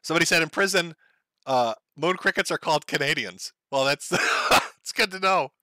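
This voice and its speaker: A man hosts a loose livestream and talks casually while reading chat out loud. His voice sits a little high and bright, with a crude, joking manner and frequent laughter. The sound is close and dry, with no room around it. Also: lively intonation, moderate pace, no echo. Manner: crude, joking, laughs often between lines.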